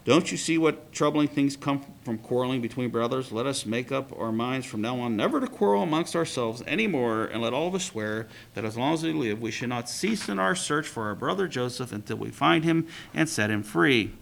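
A man's voice: medium pitch, animated, brisk, vocal fry, hardly any pauses, fairly bright tone. A man reading as an urgent young brother.

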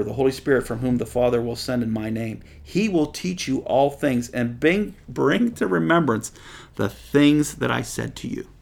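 A man's voice: medium pitch, vocal fry, a bit bright. A man preaching a conversational sermon, reading scripture aloud and explaining it in plain, chatty terms.

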